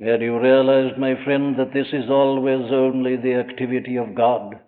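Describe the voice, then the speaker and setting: A man preaching a sermon, asking his listeners question after question and slowing down to stress key phrases. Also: medium pitch, flat delivery, long reverb tail. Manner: emphatic, asks the listener rhetorical questions; slows down and rises for stressed phrases. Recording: thin, phone-like old archive recording.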